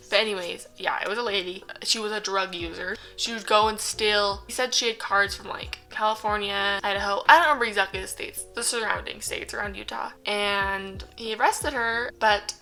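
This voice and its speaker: A woman's voice: mid-range voice, fairly even intonation, moderate pace, hardly any pauses, pushed and bright, poor audio. A young adult woman vlogger telling a story casually to a phone camera, with joking asides to the viewer.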